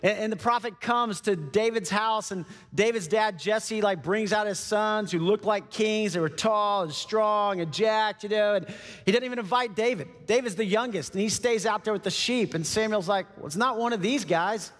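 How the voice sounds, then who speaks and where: A man preaching a sermon in a church, telling a scripture story in a lively, conversational way. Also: high-pitched, normal speed, soft background music. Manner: animated, conversational, acts out the scenes. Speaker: pastor. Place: church auditorium. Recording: long church-hall reverb.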